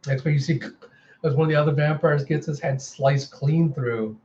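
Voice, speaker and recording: A mellow-voiced man walks through a comic book aloud, retelling the story in an animated way. He fills his speech with lots of casual filler words, and the home recording sounds a little dull. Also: fairly high pitch, moderate pace. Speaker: comic reviewer.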